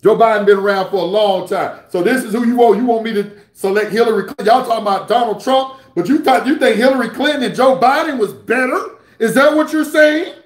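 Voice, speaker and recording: A man's voice: very high-pitched, brisk, echoey room. A man hosting an internet radio show, delivering a heated, confrontational, profane monologue. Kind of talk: ranting monologue.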